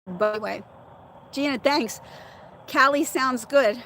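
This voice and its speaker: Reading her viewer chat, a middle-aged woman hosts a relaxed livestream, speaking straight to her audience, laughing often, and replying to commenters by name. Her voice sits a little high for a woman, she talks a little slowly with frequent pauses, and a faint hum runs underneath.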